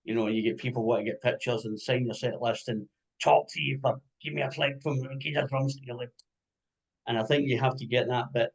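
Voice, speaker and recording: A Scottish man hosts a relaxed band interview, talking at an ordinary mid pitch. He is an animated storyteller who drops jokes and the odd swear word. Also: a little fast, gravelly, slightly rough, low-quality recording. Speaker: music interviewer. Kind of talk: casual interview chat.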